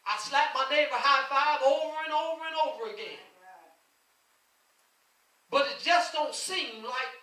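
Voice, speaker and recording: A man's voice: very high-pitched, unhurried, long pauses, sharp tone. A male pastor preaching a fervent sermon, repeating his calls with passion, recorded from a distance in an echoing church. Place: church sanctuary.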